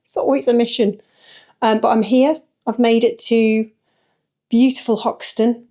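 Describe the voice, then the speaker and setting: A woman's voice: on the high side, flat delivery, a little slow, mellow, no room sound. A middle-aged woman, a journalist chatting casually to camera in a vlog, self-deprecating and full of ums. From northern England. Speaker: journalist and vlogger.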